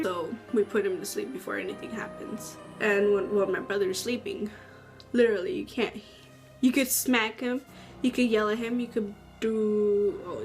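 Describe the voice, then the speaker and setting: A woman telling a story in a casual, slangy, animated way. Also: mid-range voice. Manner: chatty, slangy, animated retelling with acted-out quotes. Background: faint background music.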